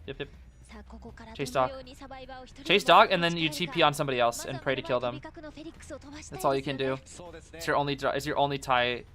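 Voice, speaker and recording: A young man casually commenting on a tournament he is watching. He is excitable, uses slang, and breaks into shouts and cries of despair. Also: medium pitch. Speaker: gaming commentator reacting to a tournament. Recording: faint background music.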